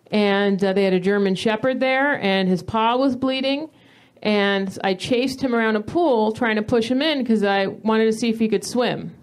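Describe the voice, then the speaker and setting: Woman comic in her thirties, stand-up set, higher voice, animated storyteller who flares into mock rants. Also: clean tone. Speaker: stand-up comedian. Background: audience laughter.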